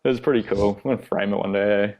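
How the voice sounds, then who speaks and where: A man's voice: on the low side, fairly even intonation, fast, darkish tone. A young Australian man, a skateboarder guest, telling stories in a laid-back way, swearing freely and laughing through them. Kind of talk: casual storytelling.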